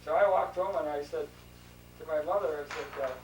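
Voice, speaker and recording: A man's voice: fairly high pitch, a little fast. Man telling a folksy joke, heard from afar. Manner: folksy, animated, acts out voices. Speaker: joke teller at a family gathering. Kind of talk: folksy storytelling. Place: indoors at a family gathering. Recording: roomy distant home video with hum.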